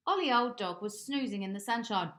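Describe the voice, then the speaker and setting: A woman reading a children's picture book aloud in an expressive, animated way. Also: on the high side, fairly quick. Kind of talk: children's storybook read-aloud.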